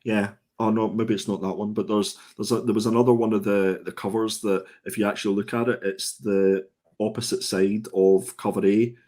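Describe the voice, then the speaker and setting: A man's voice: on the low side, level tone, fairly quick, darkish tone. A man co-hosting a casual comic review show, thoughtful and hesitant, often restarting his sentences. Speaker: co-host.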